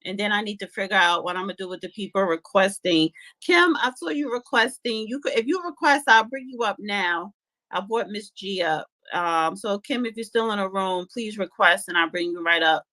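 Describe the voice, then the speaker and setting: A woman moderating an online audio room, briskly handing out turns to speak. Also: medium pitch, expressive, bright, forceful tone, rough recording. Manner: brisk, directs speakers by turn.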